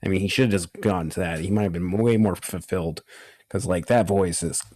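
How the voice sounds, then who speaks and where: A man chatting as a podcast guest, pausing often with fillers between thoughts. His voice is on the low side, and the microphone sounds dry and close. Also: fairly even intonation, a little mellow, no room sound. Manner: hesitant, filler-heavy, laughing banter. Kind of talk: casual podcast chat.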